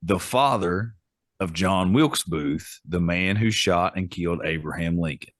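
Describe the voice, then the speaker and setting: A man's voice: deep voice, unhurried, fairly bright tone, dry recording, clean studio sound. A man co-hosting a casual podcast chat, reading facts aloud in a chatty, amused way. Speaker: podcast co-host.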